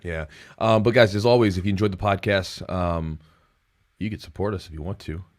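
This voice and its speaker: A man hosting a podcast in casual chat, talking in an animated, rambling way with sudden jumps in pitch. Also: fairly quick. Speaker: podcast host.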